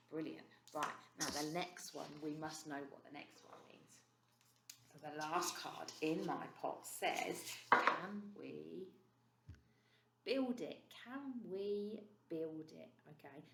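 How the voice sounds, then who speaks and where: A British woman teaching a recorded maths lesson to young children, slow, clear and encouraging. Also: sits low, reverberant, background noise. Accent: British English. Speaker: reception class teacher.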